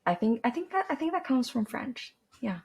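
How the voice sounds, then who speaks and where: A woman's voice: fairly high pitch, sing-song, normal speed, a little mellow, husky. Teen girl podcaster from canada rambling on, lots of ums and restarts, throat kinda dry. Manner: rambling, chatty, with many fillers and restarts. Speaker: podcast host. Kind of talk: casual chat to camera.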